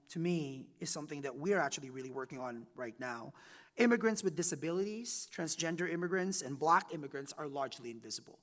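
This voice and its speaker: A man in his forties from the Philippines, an author giving a chatty campus talk that leans on "right?" and "like", his loudness rising and falling a lot. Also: fairly high pitch, big-room sound. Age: 40s. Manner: chatty, often tags "right?" and "like", loudness swings widely. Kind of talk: conversational public talk. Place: university event room.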